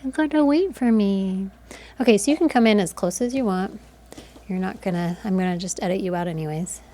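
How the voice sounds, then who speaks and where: A woman photographer walks viewers through a newborn photo session in her studio, chatty and instructive, softly cooing to the baby as she explains things on camera. Her voice is fairly low and she talks fast, with a little hiss or hum in the recording.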